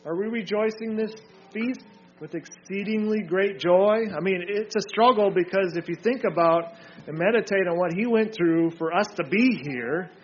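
Reading scripture aloud at a normal speed, this group Bible study leader hammers his listeners with brief, emphatic comments. His voice sits high, and the audio is dull and lo-fi.

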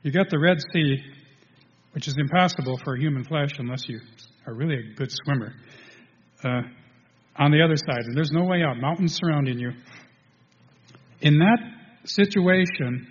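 A man preaching a sermon to a congregation, halting, restarting, and filling pauses as he goes. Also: a little high, lively intonation, slightly rough. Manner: halting, with many restarts and fillers. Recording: dull lo-fi sound in a reverberant hall.

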